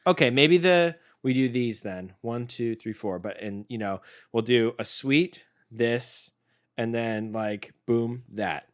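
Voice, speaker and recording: A man's voice: mid-range voice, takes it slowly. A young man co-hosting a casual food-tasting podcast, joking around, interrupting and slipping into silly bits as he reviews snacks. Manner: playful, jokey, interrupts, slips into silly bits. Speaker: podcast co-host.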